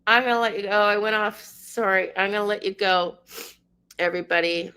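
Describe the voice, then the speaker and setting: A woman's voice: medium pitch, a little fast, pushed and bright, clear, resonant tone. A woman in her fifties, a channel host, speaking in an emotional monologue, ranting with passion and fighting back tears. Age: 50s.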